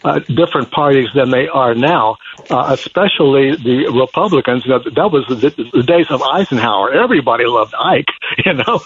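An older man talks in a halting, meandering way, full of fillers and restarts, at a middle pitch. The sound is dull and lo-fi like a radio broadcast, with a faint hiss underneath. He sounds like a guest columnist chatting on talk radio. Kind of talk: radio interview conversation.

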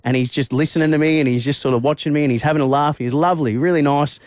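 A young Australian man hosting a radio show, telling a story in an animated, quick way from a studio mic. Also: on the high side, no echo. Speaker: radio host. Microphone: studio microphone.

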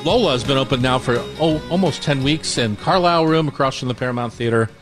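A man's voice: medium pitch, a little fast, music in the background. A man hosting a casual food radio show from a kitchen studio, upbeat and rambling with jokes. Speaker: radio show host and chef.

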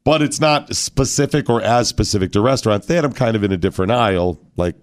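A hoarse man hosting a morning radio talk show, telling animated stories and acting out what other people said. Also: on the low side, fast, dry recording, studio quality. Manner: animated storyteller, acts out other people's lines.

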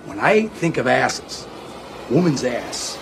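An actor playing a crude, brooding man in a crime film, delivering a coarse remark slowly and deliberately. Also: medium pitch, very animated, background noise. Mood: crude musing. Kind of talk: film dialogue.

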